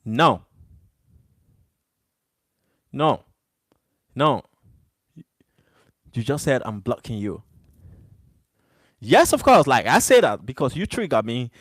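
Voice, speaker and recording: A man's voice: medium pitch, sing-song, slow, pauses often, no echo. A man hosting a live stream, arguing back at chat viewers in a heated, repetitive way, English not his first language. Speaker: livestream host.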